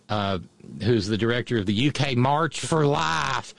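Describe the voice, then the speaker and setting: A man's voice: medium pitch, unhurried, creaky, no echo. A man giving a sardonic commentary monologue, mocking and scornful, with wry asides between the quotes he reads out. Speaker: political commentator.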